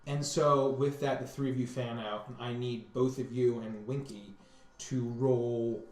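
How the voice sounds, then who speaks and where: A man narrating a tabletop game as game master, halting and repeating words as he describes scenes. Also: medium pitch, fairly even intonation. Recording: echoey room.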